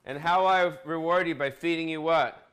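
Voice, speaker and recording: A man's voice: a little high, steady tone, normal speed, fairly bright tone. A man hosting a casual comedic cooking vlog, bossy and profane, teasing his cameraman. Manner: crude, bossy, joking, profane.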